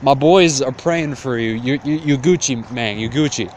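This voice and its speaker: A man's voice: medium pitch, normal speed, slight background noise, lightly acted. Man doing a brash slangy friar. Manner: brash slangy swagger, profane. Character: smug hypocritical male friar, street-slang talker.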